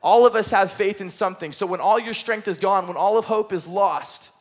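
A young man, a high school pastor, delivering an energetic, chatty sermon from a church stage, using plenty of fillers. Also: a little fast.

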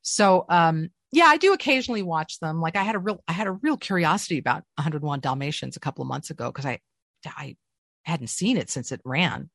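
A middle-aged woman, a voice actress, telling stories in a casual interview with an animated, swinging delivery. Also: a little fast, no room sound, studio quality. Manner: animated storyteller with lively swings in pitch. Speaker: voice actress, guest.

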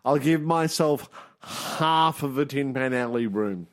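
A man's voice: medium pitch, slow. A man co-hosting a podcast in casual chat, teasing his friend and stating his views with confidence. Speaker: podcast co-host.

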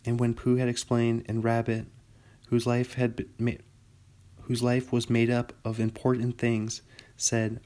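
A man reading a storybook aloud as the narrator. His delivery is calm and level, with little rise or fall in pitch. His voice sits at a middle pitch for a man. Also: a little slow. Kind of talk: audiobook narration.

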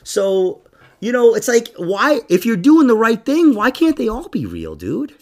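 A middle-aged man hosting a podcast, talking loudly and profanely with lots of laughter. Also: very high voice, unhurried. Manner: loud, profane, animated, laughing often. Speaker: podcast host. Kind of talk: casual podcast chat.

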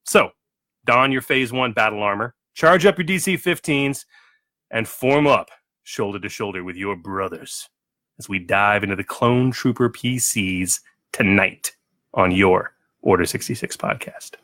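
A man's voice: fairly low pitch, unhurried, no room sound. A man co-hosting a tabletop gaming podcast, reading a dramatic intro and chatting with frequent restarts. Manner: lively, theatrical delivery with frequent restarts. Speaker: podcast co-host. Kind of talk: casual chat and scripted intro.

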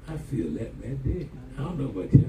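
Brisk and sing-song in a mid-range voice, the pastor works through his sermon with funny stories, folksy talk full of "y'all," and call-and-response. The recording is distant and echoey, with audible background noise.

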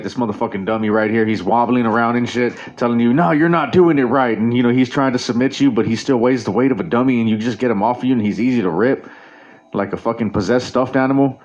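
A man's voice: mid-range voice, darkish tone. A man hosting a show in a casual, rambling monologue, swearing constantly and restarting his sentences. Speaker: radio show host. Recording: dull lo-fi recording.

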